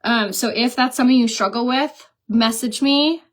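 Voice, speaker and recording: A woman's voice: on the high side, moderate pace. A woman in her thirties chatting casually while doing her makeup, telling stories and laughing at herself. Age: 30s. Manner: chatty, self-mocking, storytelling, laughs at herself. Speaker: beauty vlogger.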